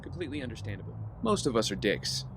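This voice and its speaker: A man's voice: medium pitch, big pitch swings, quick pace, a bit bright, slight background noise. A man playing an earnest, apologetic rich young heir in an audio drama. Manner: earnest, conciliatory. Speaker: wealthy heir.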